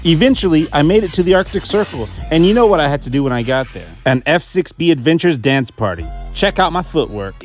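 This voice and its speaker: A man's voice: fairly high pitch, expressive, brisk, few pauses, faint music behind. A young man narrating his motorcycle trip vlog in a casual, jokey, self-mocking voice-over. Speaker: motorcycle vlogger.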